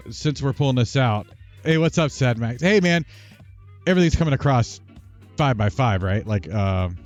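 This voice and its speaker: A man hosting a gaming livestream, telling a long rambling story with restarts and asides, and speaking quietly at times. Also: mid-range voice, lo-fi sound. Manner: talks quietly at times for housemates. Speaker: streamer and show host. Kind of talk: casual livestream chat.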